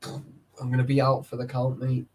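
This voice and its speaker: A man's voice: mid-range voice, monotone, moderate pace. A young man chatting casually with live viewers, tired and sleepy, swearing often and greeting chatters by name. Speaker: livestreamer.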